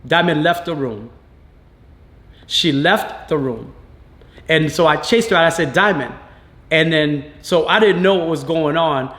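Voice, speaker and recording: A man, a father, telling a personal story to camera in a halting, emotional way, full of fillers and restarts. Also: fairly high pitch, a bit bright, echoey room.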